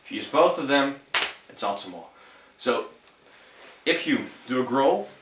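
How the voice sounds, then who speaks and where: A man's voice: medium pitch, expressive, measured pace, noisy background. A young man with a Dutch accent, a native Dutch speaker giving a rambling, profane, laid-back vocal tutorial in English. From Netherlands. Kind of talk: casual how-to talk. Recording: echoey room, mic at a distance.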